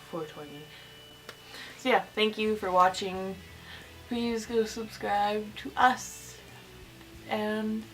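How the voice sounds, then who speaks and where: A woman's voice: medium pitch, recorded from a distance, poor audio. A teenage girl vlogging, telling a childhood story in a rambling, giggly way with many fillers. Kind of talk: casual storytelling.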